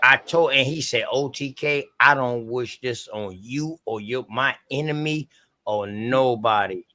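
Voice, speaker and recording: Male livestream host, Southern US accent, bright tense tone, profane and emotional storytelling. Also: mid-range voice, measured pace. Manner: raw, profane, heartfelt storytelling to viewers.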